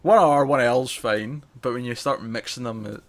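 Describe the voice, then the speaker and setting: A man chats as co-host of a review show. His pitch sits in the middle, and he laughs easily and trips over his own restarts as he talks. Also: moderate pace. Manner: lively, laughing, with frequent restarts. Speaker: podcast co-host. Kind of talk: casual chat.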